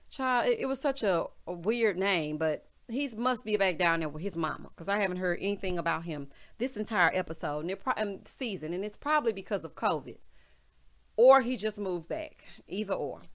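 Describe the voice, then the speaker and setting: Sassy, chatty woman recapping a show. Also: fairly bright tone. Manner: sassy and chatty, often says "child" and "honey"; mimics cast members in high, mocking voices. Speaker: reality TV recap host. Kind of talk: casual show recap commentary.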